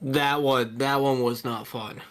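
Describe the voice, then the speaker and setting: A young man co-hosting a podcast, telling stories in a lively, casual way. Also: medium pitch, a little slow. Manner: animated storytelling, acts out quoted voices. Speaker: podcast co-host. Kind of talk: casual chat.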